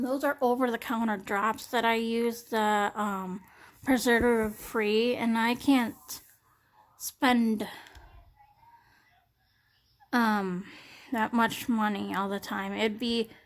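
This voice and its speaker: Young woman, casual phone vlog, slightly high voice, rambling with lots of restarts. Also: flat delivery. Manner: rambling, halting, many fillers and restarts. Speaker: vlogger. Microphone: smartphone.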